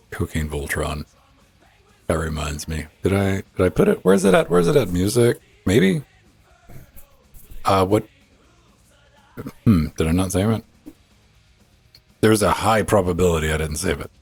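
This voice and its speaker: A man's voice: low voice, big pitch swings, a little slow, gravelly, pauses often, breathy edge, no room sound, soft background music. A man hosting a live podcast, joking around in a crude, profane way. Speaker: podcast host. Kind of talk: casual live podcast banter.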